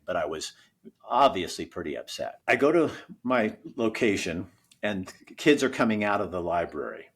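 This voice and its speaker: A man's voice: fairly low pitch, husky. A middle-aged man, a former news anchor, telling an emotional story in an earnest way as a guest in a conversation.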